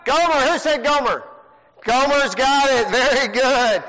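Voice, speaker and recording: Male pastor, high and bright, joking game host; long church reverb, muffled audio. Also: unhurried. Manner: teasing, joking, animated. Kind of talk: playful game hosting to a congregation. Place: church sanctuary. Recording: long hall reverb, dull lo-fi sound.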